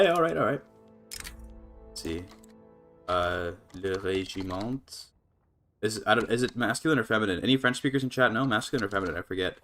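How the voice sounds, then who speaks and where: A man casually commentating a strategy game on a live stream, thinking aloud with many fillers and restarts, breaking into laughs. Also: lowish voice. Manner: laughs often, voice jumps up when excited.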